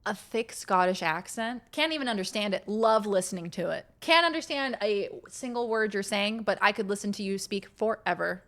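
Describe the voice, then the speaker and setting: A woman's voice: medium pitch, lively intonation, moderate pace, few pauses, a bit bright. Chatty woman streamer thinking aloud. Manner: chatty, swears casually, laughs often, thinks aloud. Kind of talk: casual live-stream chat while gaming.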